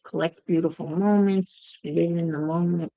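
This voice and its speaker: A woman's voice: lowish voice, steady tone, moderate pace, warm tone, dry recording, low-quality recording. A woman chatting casually to livestream viewers while she crafts, musing aloud as she works.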